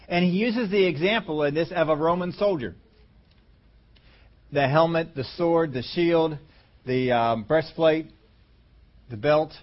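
A man preaching a conversational Bible-teaching sermon, slowing down and stretching key words for emphasis. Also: on the high side, lo-fi sound. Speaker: pastor.

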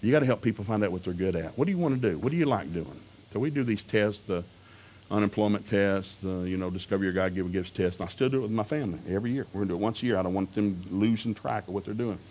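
A man's voice: lowish voice, quick pace, a little mellow, husky. Brief: middle-aged male preacher, folksy humorous storyteller, laughs through his sermon.

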